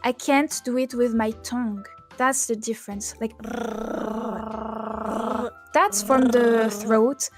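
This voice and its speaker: A woman's voice: fairly high pitch, slow pace, long pauses, soft background music. A woman, a guest chatting casually on a stream, playful and giggly as she searches for her words. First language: French. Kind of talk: casual chat.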